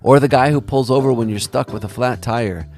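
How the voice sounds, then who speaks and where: A man's voice: mid-range voice, brisk, a little mellow. A man hosting a podcast, narrating a story in a reflective, storytelling manner and interviewing guests.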